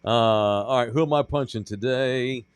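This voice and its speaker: A man co-hosting a casual sports podcast, an animated storyteller. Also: medium pitch, normal speed, smooth, no room sound. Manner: animated storyteller, acts out quotes loudly. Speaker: podcast co-host.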